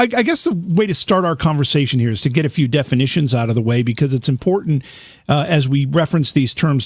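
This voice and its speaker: A man's voice: medium pitch, slightly rough, no echo. A man hosting a talk show who says he is losing his voice, talking informally with fillers and restarts. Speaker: host.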